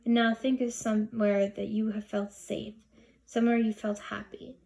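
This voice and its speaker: A woman voicing a soothing hypnotist who drawls in a low, husky voice. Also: flat delivery, moderate pace, warm tone, close to an everyday voice.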